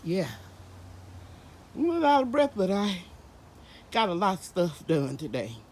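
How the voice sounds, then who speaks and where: A woman talks through her gardening work outdoors in a casual, chatty way, explaining each step as she goes. Her voice sits at a middle pitch, with faint outdoor ambience behind her. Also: very animated, moderate pace, darkish tone, a little hiss or hum, rough recording. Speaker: gardening channel host. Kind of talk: casual vlog narration.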